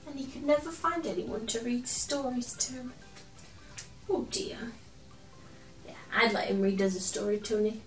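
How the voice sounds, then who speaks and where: A woman with a fairly high voice tells a children's picture book story gently and expressively, stopping now and then to talk with a toy friend. The distant mic places her in an echoey, roomy space, and soft music plays faintly beneath.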